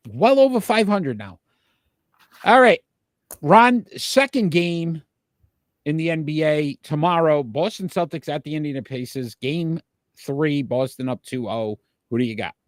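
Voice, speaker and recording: A man hosting a casual sports talk show, chatty and quick to laugh, calling out to his live viewers. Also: fairly high pitch, lively intonation, no room sound, clean studio sound. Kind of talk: casual sports picks chat.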